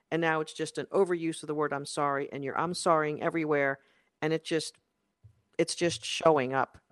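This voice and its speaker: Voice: mid-range voice, dry recording, studio quality. A life coach giving a motivational talk, emphatic and insistent, repeating phrases and using spiritual wording about energy and the soul.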